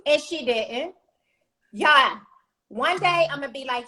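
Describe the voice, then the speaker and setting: A woman's voice: high-pitched, takes it slowly, sharp tone, poor audio. A woman co-hosting a casual talk show, blunt and fiery as she speaks her mind. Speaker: co-host.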